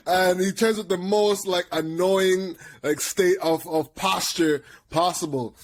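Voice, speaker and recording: Animated, laughing young male storyteller. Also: fairly high pitch, normal speed, few pauses. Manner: animated storyteller who slips into excited impressions and laughs often. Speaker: podcast co-host. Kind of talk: casual podcast chat.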